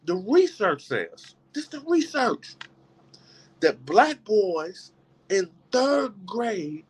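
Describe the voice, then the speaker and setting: A man's voice: high voice, very animated, takes it slowly, husky. A middle-aged man giving a motivational talk to a live group, emphatic and preacher-like, repeating words as he builds his points. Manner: emphatic preacher-like delivery with many repetitions. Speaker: motivational speaker.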